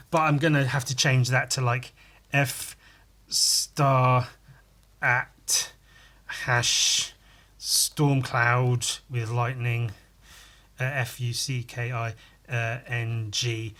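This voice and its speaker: A man's voice: medium pitch, steady tone, slow, pushed and bright. A man casually chatting as he draws live for a podcast, rambling, muttering to himself and tossing in crude jokes. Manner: rambling, crude jokey asides, muttering while working. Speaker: podcast host drawing live. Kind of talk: casual chat while drawing.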